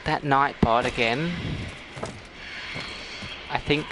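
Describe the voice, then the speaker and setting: A middle-aged man with a mid-range voice chats casually with his viewers while livestreaming a game, talking to chat and giggling often before breaking into hard fits of laughter. He speaks slowly with fairly even intonation, and the recording is very noisy.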